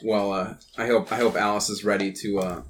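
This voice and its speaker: Low, halting male tabletop player. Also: level tone, a little hiss or hum. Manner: halting, restarts often. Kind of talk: tabletop role-play chat.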